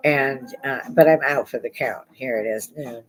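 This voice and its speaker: A woman's voice: a bass voice, moderate pace, faint music behind, poor audio. An older woman hosting her own podcast, chatting in a rambling, blunt way and laughing often. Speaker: podcast host. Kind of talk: rambling casual monologue.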